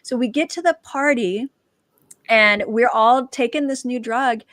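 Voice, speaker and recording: A woman, a dancer and author, telling her personal testimony as a guest and lively acting out the quoted dialogue. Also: on the high side, a little slow, no echo.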